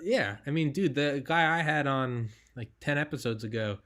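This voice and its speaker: A man's voice: medium pitch, normal speed, fairly bright tone. A young man hosting a podcast, chatting casually and animatedly, swearing and laughing as he tells stories. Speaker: podcast host.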